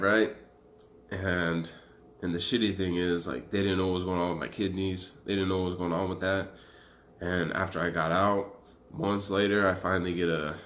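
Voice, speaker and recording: A young man telling his story to camera in a casual, profane, rambling way. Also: sits low. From Arizona. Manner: profane, animated, loose and rambling. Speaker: vlogger.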